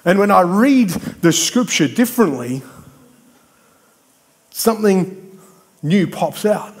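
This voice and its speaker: A man's voice: sits high, expressive, slow, long pauses. A man preaching a sermon, conversational and emphatic, building points through repetition and bantering with people in the congregation.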